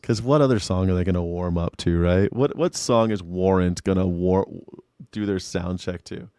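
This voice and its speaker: A man's voice: low voice, moderate pace, warm tone, clean tone, no echo, clean studio sound. A man hosting a casual live talk stream, ranting and mocking how people phrase their questions. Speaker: talk show host. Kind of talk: casual livestream chat.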